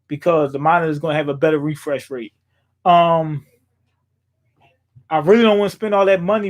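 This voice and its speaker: A young man with a notably high voice rambles through a casual live stream from a small room at home. His talk is loose and profane, full of ums, restarts and asides. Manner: loose, profane, thinking aloud with fillers. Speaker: streamer reacting to a manga chapter.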